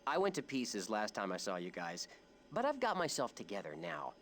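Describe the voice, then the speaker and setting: A man's voice: on the low side, huge pitch swings, moderate pace, fairly bright tone. An actor playing a cheerful, wisecracking male mutant in a video game, with a jokey, breezy delivery. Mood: joking.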